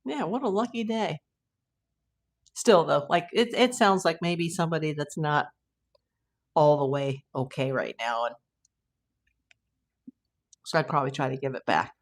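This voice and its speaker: Brief: woman live-stream host, loose rambling chat with frequent laughs, slightly low-pitched voice. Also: unhurried, long pauses. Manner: rambling, anecdotal, laughs often. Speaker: host of a live YouTube channel.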